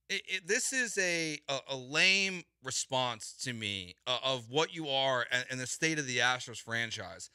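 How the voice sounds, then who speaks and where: A man's voice: a little high, animated, a little slow, pushed and bright, clean tone, dry recording, studio quality. A man hosting sports talk radio, arguing his point in an emphatic, exasperated way and repeating words for stress.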